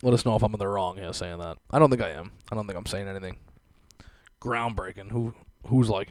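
This young podcast host swears often and cracks himself up while ranting sarcastically in a loose, casual way. He speaks fairly quickly at a fairly low pitch, and the recording has no room sound.

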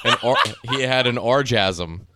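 A man co-hosting a casual podcast chat, throwing in quick jokes. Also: medium pitch. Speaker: podcast co-host. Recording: noisy background hiss.

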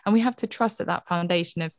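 A woman's voice: on the low side, fast talker, dry recording, studio quality. A woman, a therapist and mother, talking candidly and earnestly in a reflective podcast conversation, often saying "you know".

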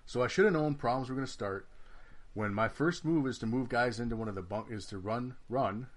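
A man's voice: medium pitch, brisk. A man in casual podcast chat, recounting a tabletop game with lots of swearing and acted-out back-and-forth. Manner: swears freely, animated storytelling that acts out both sides of the argument.

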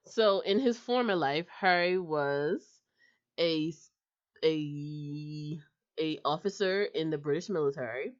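A woman's voice: deep voice, slow pace, lo-fi sound. A woman co-hosting a casual podcast chat, steering the talk with questions. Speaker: podcast co-host leading the discussion.

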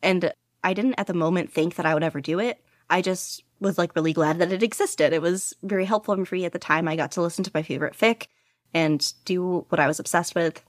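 A woman's voice: on the low side, fairly quick, no echo, clean studio sound. A young woman being interviewed about her hobby, chatting casually in a rambling, enthusiastic way with lots of fillers. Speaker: guest podficcer.

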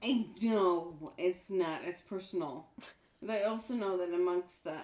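A woman's voice: on the low side, measured pace, darkish tone, echoey room. A tipsy, hiccuping woman co-hosting a podcast, reading a listener letter aloud, giggling and stumbling over words. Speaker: podcast co-host.

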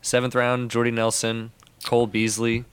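A man's voice: mid-range voice, completely flat delivery, normal speed, a bit bright, clear, resonant tone. A man on a casual podcast, dry and joking, reading off a list of names steadily.

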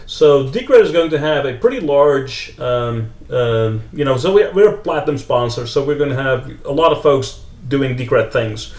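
A man's voice: medium pitch, lively intonation, normal speed, darkish tone, reverberant, far from the mic. Chatty Dutch-accented man. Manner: chatty, restarts often, laughs easily. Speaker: podcast guest. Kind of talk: casual chat.

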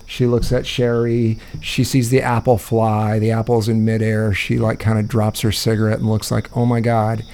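A man's voice: on the low side, completely flat delivery, normal speed, few pauses, a little mellow. A man telling a rambling, profane story in a casual podcast chat, often laughing. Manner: rambling, profane, laughs through his stories.

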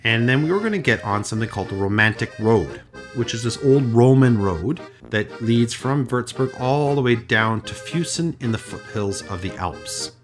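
A Canadian man hosting a podcast, telling a story in a lively, self-deprecating way. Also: medium pitch, normal speed, few pauses, soft background music. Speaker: podcast host. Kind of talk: casual storytelling chat.

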